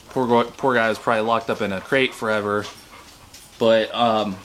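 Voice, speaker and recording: Guy at home chatting about his rescue dog into his camera, a bit of hiss behind him. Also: fairly bright tone. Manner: talks to dogs in a high baby voice, then chats casually. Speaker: dog owner. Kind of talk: casual home video chat. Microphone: handheld camera.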